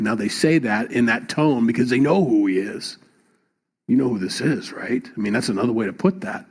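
Pastor, man, mid-pitched, chatty sermon delivery with emphatic swells. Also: a little fast, darkish tone, breathy edge. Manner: conversational preaching, rising emphatic at times.

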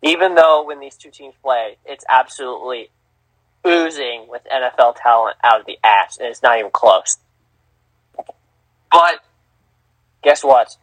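A man hosting a casual sports talk podcast, animated and emphatic, swearing freely and restarting phrases. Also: medium pitch, unhurried, long pauses, no echo, rough recording. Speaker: podcast host.

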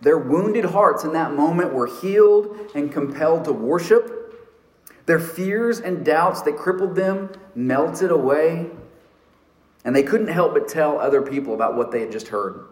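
Male pastor, slightly high voice, earnest story-driven sermon, echoey sanctuary sound. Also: lively intonation, darkish tone. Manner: earnest storytelling preacher, slows for emphasis. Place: church sanctuary.

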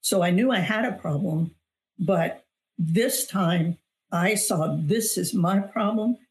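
A woman's voice: on the low side, slow pace, darkish tone. Earnest middle-aged woman telling her story. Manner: earnest, emphatic storytelling with repeated phrases. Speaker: guest, author and weight loss coach. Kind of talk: conversational testimony in an interview.

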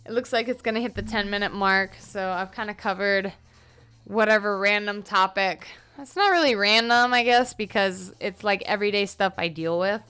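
With soft music playing behind her, a young woman who sounds tired talks about her workday on a solo podcast at a normal speed. Her medium-pitched voice is pushed, bright, clear and resonant, and she rambles off topic, self-interrupting with many fillers.

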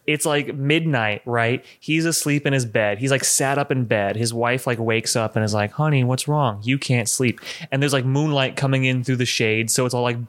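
A young man chatting casually as a podcast co-host, lively and animated. He acts out the scenes he describes, sometimes breaking into shouts. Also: medium pitch, normal speed, hardly any pauses. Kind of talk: casual chat.

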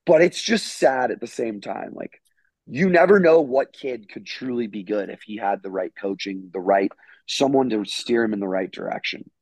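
A man's voice: on the low side, animated, moderate pace, a little mellow, no echo. A young man from Florida co-hosting a podcast, talking in slangy casual chat with lots of "bro" and swearing. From Florida, USA. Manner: slangy, swears, calls people bro and dude.

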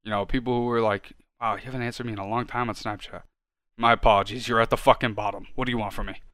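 A young man co-hosting a podcast, talking in a casual, profane rant that keeps getting louder. His voice sits in a middle register and is recorded close and dry, with no room sound. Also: mid-range voice, quick pace, no room sound. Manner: loud, ranting, profane, gets animated. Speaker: podcast co-host.

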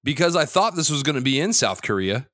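Animated, profane man co-hosting a podcast. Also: a little high, a little fast, no room sound, clean studio sound. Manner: loose, profane, teasing, jumps between topics. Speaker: podcast co-host. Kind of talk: casual sports betting chat.

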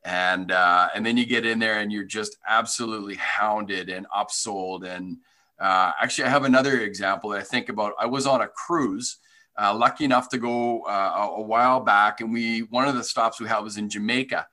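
A man's voice: on the low side, fairly even intonation, normal speed, pushed and bright. A man guesting on a podcast interview, speaking earnestly and passionately about business, with lots of fillers and restarts.

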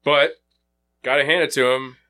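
Bright-voiced rambling male podcast host. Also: medium pitch, steady tone, normal speed. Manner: rambling, profane, lots of fillers and restarts. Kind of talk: casual sports chat.

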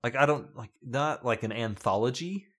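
A man's voice: medium pitch, moderate pace, fairly bright tone. A man co-hosting a casual podcast, chatting in a jokey way and laughing often. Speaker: podcast co-host.

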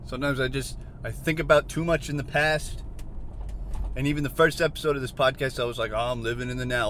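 A man hosting a solo podcast from inside a car, rambling and questioning himself, swinging from mutters to shouts. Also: mid-range voice, fairly even intonation, fast talker, slight background noise. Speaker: podcast host.

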